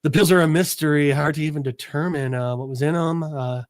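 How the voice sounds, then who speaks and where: A man voicing a brooding, guarded male vigilante in a comic recap, in a flat, clipped way. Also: a little high, brisk, no echo, clean studio sound, natural voice.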